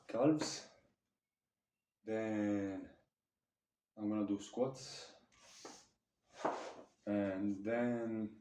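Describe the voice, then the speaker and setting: Slow-spoken man vlogging from a roomy gym. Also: fairly low pitch, dark tone, a little hiss or hum. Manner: halting, restarting non-native English with simple phrasing. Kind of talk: casual talk to camera during a workout. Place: gym, indoors.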